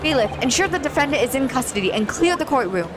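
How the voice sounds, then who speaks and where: A woman voicing a stern male judge, speaking in formal, measured tones. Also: high voice, lively intonation, over music. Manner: formal, measured courtroom speech.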